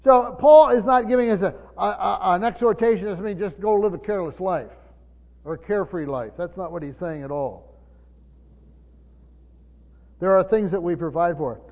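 A man preaching a Bible study sermon, often pausing, repeating words and asking his listeners questions. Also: sits high. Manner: halting, repeats words, asks the room questions. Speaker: pastor. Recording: tinny phone-like sound in a reverberant hall.

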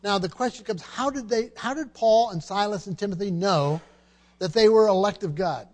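A man's voice: sits high, normal speed, a little mellow. A man preaching a sermon, emphatic and teaching, often repeating words and asking the congregation questions.

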